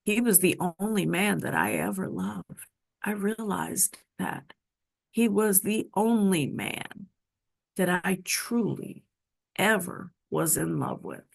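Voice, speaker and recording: A woman guest telling a deeply personal story with emotion, acting out the voices of people in it. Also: very animated, takes it slowly, gravelly, slightly rough. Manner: emotional, dramatic retelling with voiced quotes.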